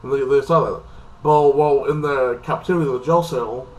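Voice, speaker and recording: A man's voice: medium pitch, fairly quick, rough recording. A man giving a loose, rambling recap of a TV episode, stacking up filler phrases as he goes. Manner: loose, repetitive, heavy on "like this" fillers. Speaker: TV episode reviewer.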